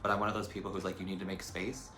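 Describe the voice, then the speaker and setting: Chatty young man vlogging, lowish voice. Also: little pitch movement, racing, a little hiss or hum. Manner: chatty, trendy slang, frequent "like" fillers. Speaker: lifestyle vlogger. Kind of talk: casual vlog chat. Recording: echoey room with faint background music.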